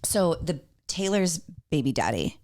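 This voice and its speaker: Woman, podcast co-host, animated candid storyteller, lowish pitch. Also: a little slow. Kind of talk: casual chat.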